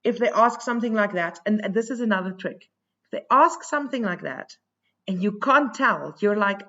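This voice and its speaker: A woman teacher giving a recorded lesson, thinking aloud as she goes and pausing often with fillers. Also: medium pitch, lively intonation, fairly bright tone, dull audio.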